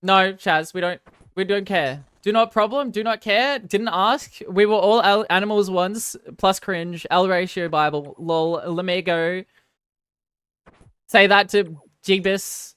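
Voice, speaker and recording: A woman's voice: medium pitch, a little slow, a bit bright, clean tone, dry recording, studio quality. Rambling self-deprecating woman streamer. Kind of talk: casual live-stream chat with viewers.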